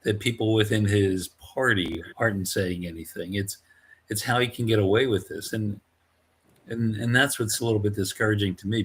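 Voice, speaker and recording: Low husky guy on a live politics show, slow and halting. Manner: halting, measured, restarts often. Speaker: co-host.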